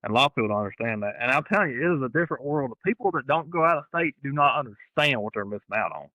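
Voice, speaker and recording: A man's voice: mid-range voice, expressive, rapid-fire, dry recording, phone-quality sound. A man with an Alabama accent, a hunting guest talking plainly and repeating himself in a casual interview. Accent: Southern American, Alabama. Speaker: guest hunter.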